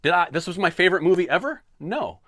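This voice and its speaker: A man hosting a solo podcast, talking in an animated, sarcastic, tongue-in-cheek way. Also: high-pitched, fast, no echo, clean studio sound. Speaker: podcast host. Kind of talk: opinionated solo podcast rant.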